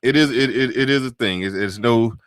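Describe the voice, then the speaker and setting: A man hosts a casual livestream, circling his points with stops, restarts and fillers. His voice sits at an everyday pitch for a man. The sound is dry and close, with no room echo. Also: brisk. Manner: rambling, many restarts and fillers. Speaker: host. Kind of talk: casual livestream talk show.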